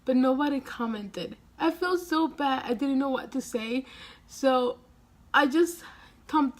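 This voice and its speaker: A young woman records a casual, emotional vlog after crying, rambling tearfully and breaking into small laughs and sighs. Her voice is high and unhurried.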